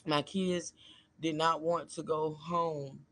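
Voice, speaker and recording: Guy hosting a livestream, bright kinda high voice, chatty, keeps saying y'all. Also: flat delivery, slow. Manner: chatty, talks straight to viewers with "y'all". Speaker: livestream host. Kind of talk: casual live commentary, reading a post aloud.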